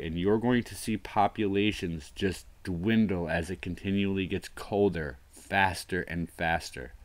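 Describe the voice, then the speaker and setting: A man in his thirties hosting a solo livestream, rambling and musing aloud, often trailing off into low mutters. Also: dry recording. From US northeast coast. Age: 30s. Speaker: livestream host.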